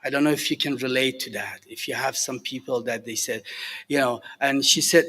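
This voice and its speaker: A man's voice: medium pitch, fairly even intonation, sharp tone. Earnest man with a Persian accent. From Iran. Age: middle-aged. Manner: halting, many fillers and restarts, earnest. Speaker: recovery alumni speaker. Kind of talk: personal recovery share to a group. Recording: echoey hall with long reverb.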